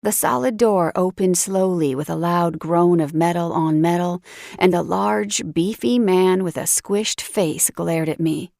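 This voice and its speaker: A woman narrating a first-person romance audiobook in an unhurried, dramatic storytelling voice. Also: fairly low pitch, steady tone, vocal fry, darkish tone, no echo, clean studio sound.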